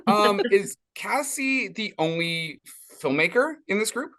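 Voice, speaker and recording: A man's voice: high voice, lively intonation, a little slow, over a noisy crowd. A man hosting a podcast interview, asking rambling questions with many restarts. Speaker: podcast host.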